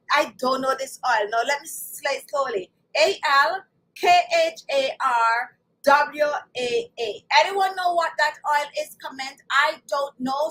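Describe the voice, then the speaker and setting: A woman's voice: high voice, fairly bright tone, low-quality recording. A woman hosting a live beauty stream, talking in a chatty, emphatic way and repeating her key words as she speaks to viewers. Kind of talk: live-stream hair care talk.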